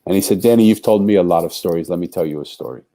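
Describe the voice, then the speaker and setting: A man's voice: low voice, rapid-fire, dark tone. A man as a podcast guest, telling a long story in an earnest way and acting out the voices of the people in it. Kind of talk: storytelling in a conversation.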